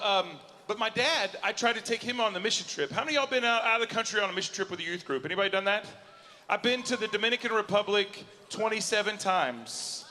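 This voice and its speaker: Animated stand-up comic with drawl. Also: male voice, sits high. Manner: animated storytelling, acting out both sides of conversations. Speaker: stand-up comedian. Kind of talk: stand-up comedy set. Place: university auditorium before a live audience. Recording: long hall reverb.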